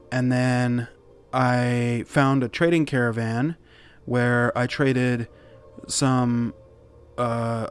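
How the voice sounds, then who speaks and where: A man's voice: mid-range voice, clear, resonant tone, natural voice. A man voicing a nervous young man on the run, who talks in a defensive, rambling way.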